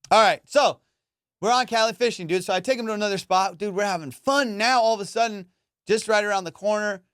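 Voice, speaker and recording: A man's voice: sits high, moderate pace, smooth, no room sound, clean studio sound. A man hosting a comedy podcast, telling a story with lots of swearing and fillers. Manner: animated and profane, with lots of fillers.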